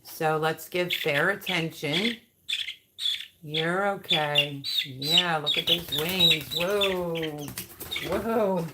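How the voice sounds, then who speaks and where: A woman hosting a casual live stream, chatting with viewers and cooing softly to her chicks. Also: low-pitched. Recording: background noise with bird chirps.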